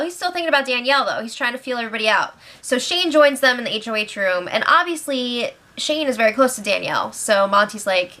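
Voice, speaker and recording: A young woman hosting a reality show recap talks from home with pets nearby, keeping it casual and gossipy and laughing easily. Her voice is a touch high, bright and forward, and she keeps breaking into animated impressions of the people she quotes.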